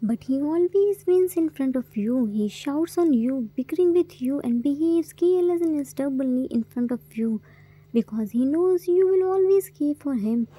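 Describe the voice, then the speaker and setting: A woman voicing a gentle, wise female figure who reassures calmly, in a story reading. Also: normal speed, no echo, low-quality recording. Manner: calm, reassuring, low-key.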